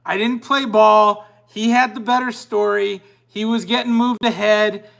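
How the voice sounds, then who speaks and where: High, gravelly-voiced man telling a story. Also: measured pace. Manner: animated, rambling, self-interrupting. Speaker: podcast host. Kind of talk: casual storytelling.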